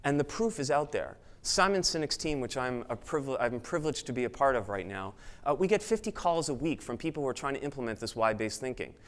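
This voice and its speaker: A man's voice: mid-range voice, quick pace, hardly any pauses. A man giving an earnest, emphatic motivational talk at a conference, speaking to an audience in a room. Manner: earnest, emphatic, acts out excited voices.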